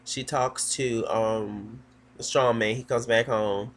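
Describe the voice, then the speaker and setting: A man's voice: medium pitch, fairly even intonation, slow. Sassy man gossiping through a recap. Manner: sassy, gossipy storytelling with many fillers. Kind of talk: casual TV episode recap.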